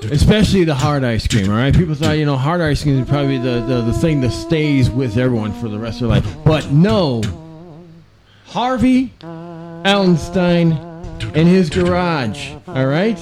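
A man playing a gruff adult man who gives a rambling pep talk, in an improvised comedy sketch. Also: on the high side, lively intonation, moderate pace, music in the background, lightly acted. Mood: rousing. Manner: rambling, gravelly, theatrical.

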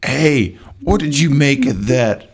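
A man doing improv comedy, teasing in a deadpan way. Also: mid-range voice, slow pace, creaky, over a noisy crowd.

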